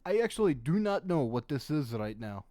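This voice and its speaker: A man's voice: fairly high pitch, sing-song, normal speed, dark tone, no echo, clean studio sound. A man co-hosting a casual podcast, talking in a playful, rambling way. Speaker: podcast co-host.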